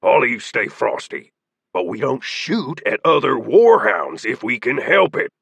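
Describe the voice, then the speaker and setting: Man as bearded gang leader, shouty and commanding, husky. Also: mid-range voice, very animated, measured pace, dry recording, full character voice. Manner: barking orders, shouting.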